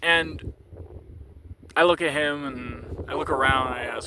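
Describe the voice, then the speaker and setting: Bright, halting male storyteller. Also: medium pitch, slight background noise. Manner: halting, repeats words, chuckles often. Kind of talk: casual first-person storytelling.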